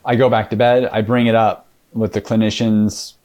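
Male interview guest, low voice, halting storyteller, full of fillers and restarts, acts out dialogue. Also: flat delivery, darkish tone.

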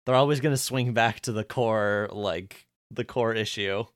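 Man, podcast co-host, casual recap chat, dry close sound, laughs a lot, halting. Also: fairly low pitch, no room sound. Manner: laughing, trailing off, halting restarts.

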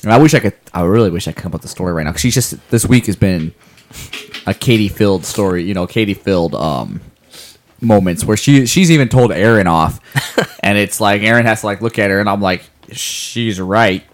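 A man's voice: fairly low pitch, expressive, a little fast. A man on a podcast talking about his kids and running in a rambling, playful way, often restarting sentences. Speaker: podcast co-host. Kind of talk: casual chat.

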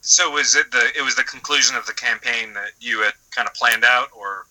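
A man's voice: mid-range voice, fairly even intonation, fairly quick, bright, forceful tone, poor audio. A man chatting casually on a podcast, chiming in with short, wry remarks. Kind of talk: casual chat.

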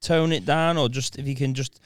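A man, a comedian, in casual chat, quick, jokey and swearing freely. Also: medium pitch, fairly even intonation, no room sound, studio quality.

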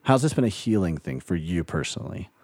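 A man's voice: sits low, sing-song, a little fast, darkish tone, dry recording, studio quality. A man hosting a faith podcast, asking long, winding, encouraging questions. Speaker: podcast host.

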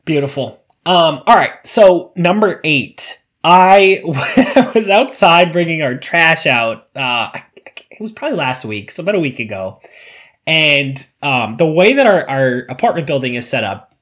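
Podcast co-host, male, lively storyteller with a swooping, expressive voice. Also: a little high, unhurried. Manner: animated storyteller, acts out voices. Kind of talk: casual chat.

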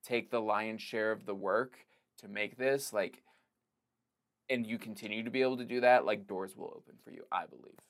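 A man with a fairly low voice speaks at a moderate pace as a guest on a casual podcast. He's a filmmaker and comedic actor who rambles through the conversation, full of "like" and restarts.

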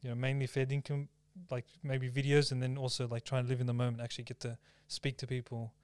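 A man's voice: mid-range voice, completely flat delivery, fast talker, a little mellow, clean tone, no echo. A young Australian man in casual chat, thinking aloud, reflective, with many fillers.

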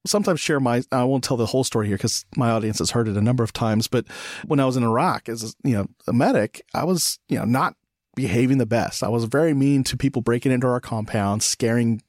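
A man's voice: medium pitch, darkish tone, dry recording, clean studio sound. A man hosting a casual podcast conversation, speaking reflectively and often restarting his sentences. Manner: reflective, halting with frequent restarts. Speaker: podcast host.

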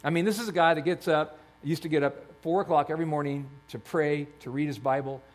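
A man's voice: on the high side, steady tone, fast talker. A man preaching a sermon as a pastor, telling a story in a conversational way, with frequent restarts.

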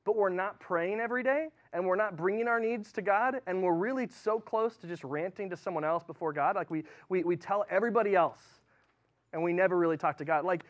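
A man preaching a sermon in a relaxed, chatty way, full of fillers and restarts. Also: sits high, fairly quick, lo-fi sound. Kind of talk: casual sermon.

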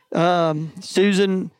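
A man's voice: high voice, dry recording, studio quality. A man preaching, telling a personal testimony earnestly with self-deprecating jokes. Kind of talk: sermon testimony storytelling.

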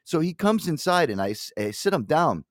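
A man's voice: a little high, sing-song, moderate pace, no room sound, clean studio sound. A man hosting a casual podcast, telling a long profane story and acting out the people in it. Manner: profane storyteller, acts out voices in his stories. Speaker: podcast host.

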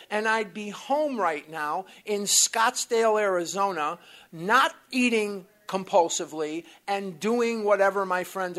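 A speaker from the United States giving a talk to a live group in a meeting room at a recovery workshop, telling personal stories in an animated, blunt way with mild swearing and asides. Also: mid-range voice.

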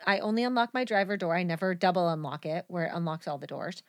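A woman co-hosting a podcast in casual chat, animated and laughing often. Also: lowish voice, quick pace, no echo, clean studio sound. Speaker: podcast co-host.

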